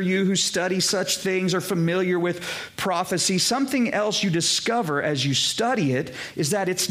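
A man preaching a sermon, emphatic and conversational, talking straight to his congregation with frequent asides. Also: sits high. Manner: emphatic preaching, swings between raised and hushed delivery. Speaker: pastor.

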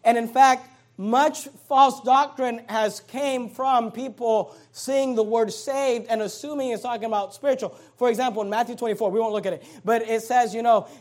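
A man's voice: very high-pitched, steady tone, moderate pace. A male pastor preaching a sermon, reading scripture aloud and emphatically stretching out key words.

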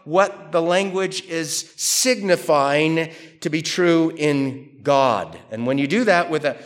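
A man's voice: fairly high pitch, slow pace. A man giving a conversational theology lecture, reading quotations aloud and questioning them. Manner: animated, conversational, reads quotes aloud. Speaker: theology teacher. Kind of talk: classroom lecture.

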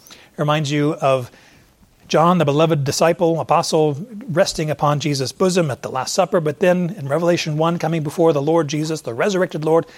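Animated preaching man, higher voice. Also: a little fast. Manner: animated, acts out voices in quotes. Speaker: pastor. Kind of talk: sermon.

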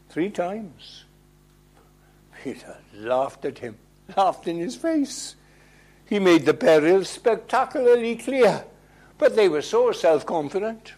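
Slow, emphatic male preacher. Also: fairly high pitch, lively intonation. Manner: emphatic, rhetorical questions, swings between loud and hushed. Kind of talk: sermon.

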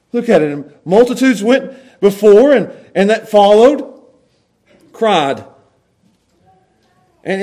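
A man preaching a sermon to his congregation, swinging from loud, animated exclaiming to quiet, close asides. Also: high voice. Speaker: pastor.

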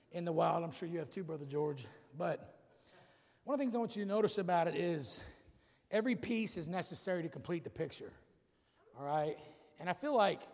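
Guy preaching, folksy, gravelly high voice, church reverb. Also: a little mellow. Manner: folksy and joking, says y'all. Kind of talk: casual sermon with puzzle object lesson. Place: church sanctuary.

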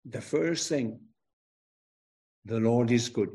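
A man's voice: mid-range voice, slow pace, warm tone. An older man from Wales with a Welsh accent, preaching a children's sermon with emphatic call and response.

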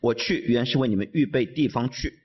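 A man interpreting a sermon live, often stammering and repeating words, lively when he voices the quotes. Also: mid-range voice, fairly quick. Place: large conference hall. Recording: dull muffled sound, long reverb in a hall.

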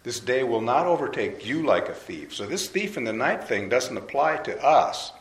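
A man's voice: mid-range voice, big pitch swings, moderate pace. A man preaching a sermon to a live audience in a conversational way, asking them questions. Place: hall with an audience. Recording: roomy hall, faint noise.

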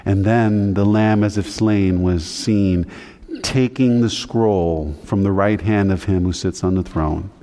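A male pastor giving a conversational teaching sermon, his voice climbing higher when he stresses a point. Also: takes it slowly, warm tone. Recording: long hall reverb.

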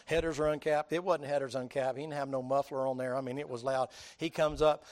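Folksy preacher telling a story. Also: male voice, mid-range voice, brisk, hardly any pauses. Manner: folksy, animated storytelling with acted-out voices and sudden loud bursts. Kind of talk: storytelling sermon.

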